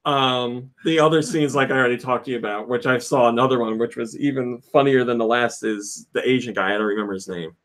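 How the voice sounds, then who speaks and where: A man's voice: medium pitch, fast, few pauses. A man hosting a casual podcast, retelling video game scenes with laughter and acted-out lines. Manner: animated storyteller, acts out game scenes with laughs. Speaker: podcast host.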